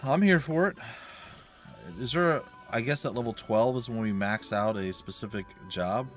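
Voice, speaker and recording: A man's voice: mid-range voice, normal speed, soft background music. A man hosting a let's play, chatting casually and joking as he talks to the enemies on screen. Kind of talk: casual gaming commentary.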